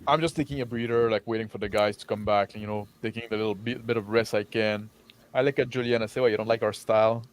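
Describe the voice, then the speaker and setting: A man's voice: on the low side, steady tone, quick pace. A man playing a tabletop role-playing game, describing his character in a loose, rambling way full of fillers. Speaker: player.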